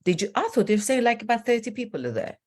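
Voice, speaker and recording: A middle-aged woman life coach telling stories in an interview, acting out what people said with sudden jumps in pitch. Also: racing. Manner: lively storyteller, acts out quotes with jumps in pitch. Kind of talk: animated storytelling in a podcast interview.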